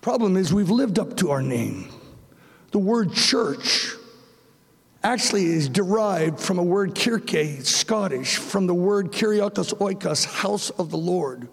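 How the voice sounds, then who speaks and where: High, gravelly preacher man in a big hall. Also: lively intonation, slow. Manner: impassioned, surging to shouts. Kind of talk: sermon. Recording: long reverb of a large hall.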